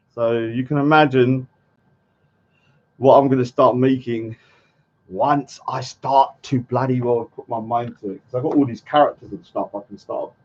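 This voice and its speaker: A man's voice: medium pitch, a little mellow. A man chatting on a livestream and muttering to himself as he searches for things. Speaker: livestreaming artist. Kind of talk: casual livestream chat. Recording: dull lo-fi stream audio.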